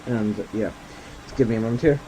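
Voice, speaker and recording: A man's voice: on the low side, fairly quick, dark tone, a little hiss or hum. A man from Ireland giving casual, rambling commentary while playing a flight simulator, thinking aloud and poking fun at himself. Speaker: gaming video host.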